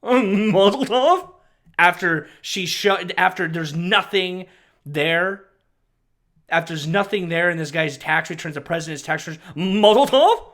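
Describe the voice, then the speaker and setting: Male commentator with a high voice who rants angrily at a news clip. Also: steady tone, moderate pace, pushed and bright. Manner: agitated, ranting, repeats and restarts. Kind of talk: heated commentary.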